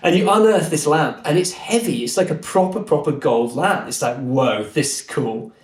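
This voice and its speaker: A man guest on a podcast, telling a story in an earnest, animated way. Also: a little high, moderate pace. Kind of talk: conversational storytelling. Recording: roomy echo.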